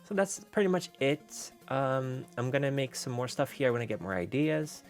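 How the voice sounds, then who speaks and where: A man's voice: medium pitch, expressive, normal speed, faint music behind. A man streaming as a VTuber, chatting casually and rambling, with many fillers and restarts. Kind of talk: casual livestream chat.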